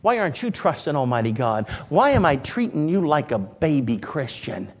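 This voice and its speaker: A man in his sixties preaching a sermon in a church, his voice sitting notably high for a man. He tells stories with lively, animated delivery and slips in dry humor along the way. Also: normal speed, long reverb tail. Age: 60s. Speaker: evangelist. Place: church auditorium.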